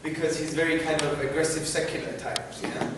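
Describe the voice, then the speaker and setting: A man answering student questions in a university lecture hall, animated and often checking in with "yeah?". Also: on the high side, fairly quick. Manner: animated, repeats "yeah?" to the audience. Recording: very echoey hall, noisy, from far off.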